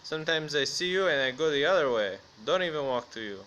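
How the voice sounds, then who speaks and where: A man's voice: on the high side, animated, fast, bright, forceful tone, slight background noise. A man rambling through crude, absurd jokes and laughing at his own punchlines. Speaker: comedy video host.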